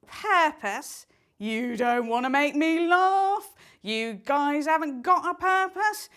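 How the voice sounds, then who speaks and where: A woman's voice: high-pitched, animated, slow, fairly bright tone, exaggerated voice. A woman voicing a scornful inner critic who mocks and belittles. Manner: mocking, contemptuous.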